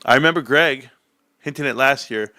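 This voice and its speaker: A man's voice: mid-range voice, normal speed, bright, forceful tone, clean tone, dry recording. A man hosting a live stream, reading chat and ranting in a sarcastic, heated, emphatic way. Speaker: livestream host reading chat. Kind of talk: live-stream rant about stocks.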